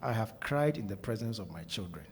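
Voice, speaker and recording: A Ghanaian man talking as a radio guest, earnest and measured, often checking in with "okay?". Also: fairly low pitch, lively intonation, a little hiss or hum. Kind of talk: candid radio talk. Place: radio studio.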